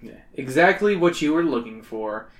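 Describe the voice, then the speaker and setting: A man's voice: on the high side, lively intonation, normal speed, reverberant. A man hosting a podcast, reading a gamebook aloud with joking, crude asides. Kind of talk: comedic read-aloud with banter.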